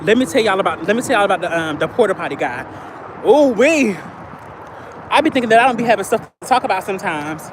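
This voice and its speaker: A trans woman who lives in her car, chatting in slangy storytelling on a phone livestream while she walks outdoors in a field near a highway. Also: animated, fast talker. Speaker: vlogger living in a car. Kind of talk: casual livestream chat. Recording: loud outdoor traffic noise. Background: highway traffic.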